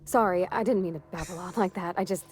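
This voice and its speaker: Shy young engineer. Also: female voice, lowish voice, quick pace, a little mellow, husky, faint music behind. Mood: bashful. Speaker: video game character. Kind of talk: game voice acting.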